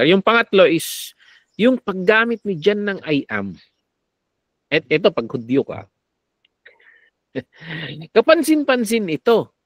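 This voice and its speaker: A man with a Filipino accent teaching a Bible lesson, switching between Tagalog and English, animated, with sarcastic asides. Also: medium pitch, no echo. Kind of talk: Taglish Bible lecture.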